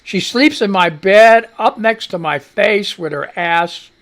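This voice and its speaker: A man's voice: high voice, slow. A man hosting a live talk show, rambling casually and reading news headlines with his own blunt commentary. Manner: animated, swears freely, chats to his cat. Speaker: radio show host.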